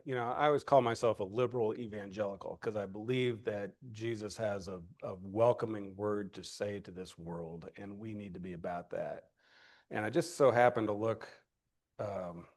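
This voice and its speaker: Earnest pastor, man with a low voice. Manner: earnest and conversational, with asides and fillers. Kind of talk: informal address to a church class.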